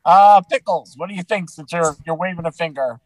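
A man's voice: fairly high pitch, fairly quick, no room sound, poor audio. A man hosting a podcast in casual chat, easygoing as he moves the talk along. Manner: easygoing, hands topics to others. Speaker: podcast host leading the segments.

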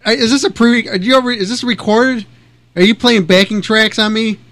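Deadpan radio host, slightly high voice. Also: male voice, a little fast, no room sound. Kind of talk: comedic radio interview.

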